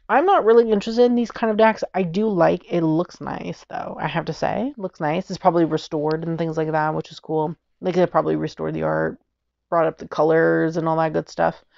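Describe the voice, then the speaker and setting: A woman's voice: fairly low pitch, creaky, a little mellow, no room sound, muffled recording. A woman from Canada hosting a casual tarot review channel, chatty and exclamatory, stumbling over foreign names.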